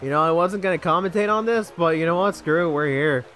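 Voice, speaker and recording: A man's voice: a little high, fast, fairly bright tone, soft background music. A young man giving casual, rambling gameplay commentary as a let's play host, sidetracked and self-deprecating.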